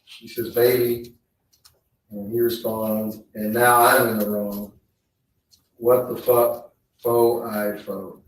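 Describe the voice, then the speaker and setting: A man on the witness stand reading text messages aloud in a slow, measured way. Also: fairly low pitch, little pitch movement, a little hiss or hum. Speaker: trial witness. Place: courtroom. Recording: echoey courtroom feed, distant mic.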